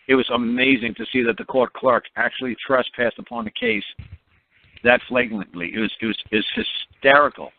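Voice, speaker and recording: A man's voice: medium pitch, slight background noise. Blunt man on a tinny radio line. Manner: blunt, emphatic, repetitive, laughs at his own stories. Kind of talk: animated monologue on a call-in radio show.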